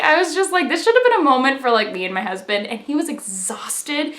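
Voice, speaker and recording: A woman's voice: high-pitched, expressive, brisk, few pauses, fairly bright tone. A young woman rambling through a casual confessional vlog, full of "like"s and laughter. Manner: chatty, rambling, with many "like"s and laughs. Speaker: vlogger. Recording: echoey room.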